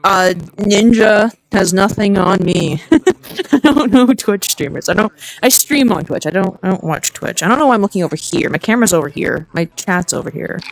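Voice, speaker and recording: Game streamer, excitable, rambling, jokey, mid-pitched voice, dry close sound. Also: normal speed, creaky, no echo, poor audio. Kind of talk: casual live-stream chatter while gaming.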